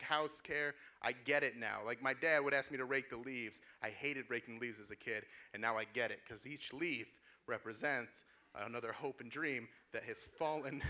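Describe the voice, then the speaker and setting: A man in his thirties doing a stand-up comedy set on a small club stage, sardonic and deadpan with sudden shouted outbursts. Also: mid-range voice. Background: small audience laughing.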